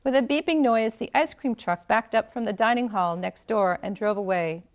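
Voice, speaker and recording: A woman author reading a first-person passage aloud from her novel, in a steady, clear storytelling manner. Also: a little high, moderate pace.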